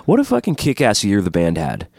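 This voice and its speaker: Animated male podcast co-host. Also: on the low side, gravelly, no room sound. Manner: animated, drawn-out announcer delivery for prize draws. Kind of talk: casual podcast chat.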